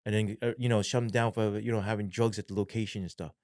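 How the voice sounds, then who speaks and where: A former police sergeant from New York tells a story in a casual interview, swearing often and acting out quotes. He has a lowish voice and talks fast, recorded in studio quality with no echo.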